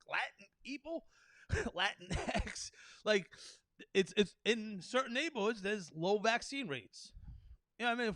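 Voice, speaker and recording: A man's voice: high voice, a bit bright, no room sound. A man hosting a podcast, ranting in an unscripted monologue, profane and rambling, stumbling over restarts and laughing at his own jokes. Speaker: podcast host.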